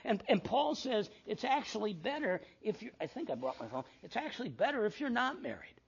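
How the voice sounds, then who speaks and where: Older male pastor with a raspy, gravelly voice. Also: high voice, sing-song, fairly quick, muffled recording. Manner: storytelling with quoted dialogue, self-deprecating asides. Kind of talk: sermon.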